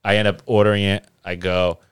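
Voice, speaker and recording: A man with a very low, smooth voice tells a long, easygoing story on a podcast. He swears casually and keeps a relaxed, rambling flow. The sound is dry and close. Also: a little fast, no room sound. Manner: laid-back storyteller, swears freely. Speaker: podcast host. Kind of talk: casual chat.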